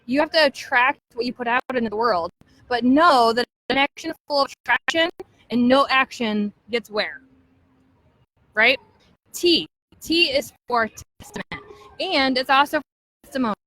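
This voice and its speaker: High, bright-voiced motivational woman. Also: normal speed, rough recording. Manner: emphatic, keeps checking in with "okay?" and "right?". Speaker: motivational team leader. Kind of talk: motivational talk to a sales team.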